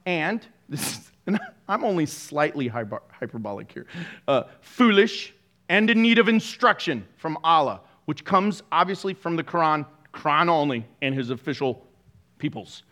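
A male pastor preaching with a high, bright voice that swings all over the place. He jokes and laughs often and keeps tossing sarcastic asides to his congregation. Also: moderate pace. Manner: animated, joking, laughs often. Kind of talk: sermon.

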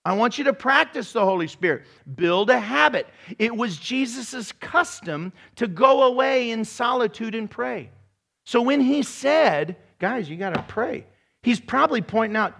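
A man preaching a sermon to a room, energetic and animated, breaking into shouts and laughs. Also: extremely high pitch, a little slow, vocal fry. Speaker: pastor. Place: church room with congregation.

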